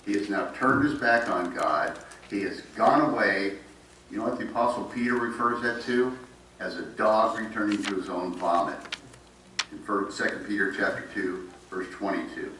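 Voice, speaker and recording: Midwestern preacher in an echoey church. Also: male voice, lowish voice, expressive, normal speed, a bit bright. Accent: American Midwest. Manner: reads scripture aloud with emphasis, then explains it. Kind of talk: sermon. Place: church sanctuary. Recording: very echoey room, voice from a distance, faint noise.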